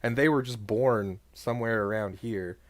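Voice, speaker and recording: A young man co-hosting a podcast, talking casually in a rambling way, full of "like" and quick laughs. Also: lowish voice, dry recording. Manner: rambling, lots of "like", laughs often. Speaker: podcast co-host. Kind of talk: casual chat.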